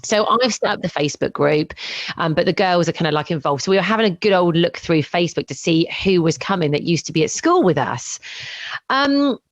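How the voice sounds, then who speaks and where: Woman podcast co-host, lively storyteller, dry close sound. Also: lowish voice, no echo. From England, Herefordshire. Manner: chatty storyteller, quick to laugh. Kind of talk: casual chat.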